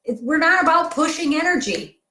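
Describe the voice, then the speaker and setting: A woman coach giving a blunt, energetic motivational talk to camera. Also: extremely high pitch, a little fast, reverberant, noisy background. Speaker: coach for sensitive people.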